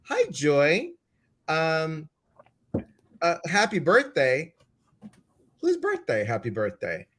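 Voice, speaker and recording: A man hosts a casual live stream with a chatty, exuberant manner, greeting viewers by name. His voice sits fairly high for a man. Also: huge pitch swings, takes it slowly, pauses often, fairly bright tone, slight background noise. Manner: chatty, exuberant, reads comments aloud. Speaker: host.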